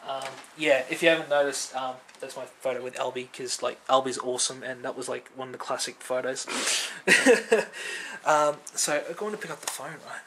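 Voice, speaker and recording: In a mid-range, pushed and bright voice with fairly even intonation, a vlogger of Filipino family background talks a little fast, with hardly any pauses, through a personal testimony to camera. Earnest and conversational, he uses many fillers and adds "right?" after his points. The recording is low quality with a little hiss or hum.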